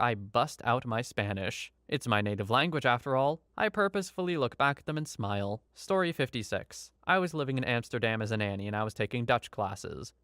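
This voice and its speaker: A man's voice: medium pitch, fairly bright tone, dry recording. Man with a Canadian accent, reading dry and close. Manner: casual asides, wry commentary. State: voice getting tired. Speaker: narrator. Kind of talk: reading online stories aloud.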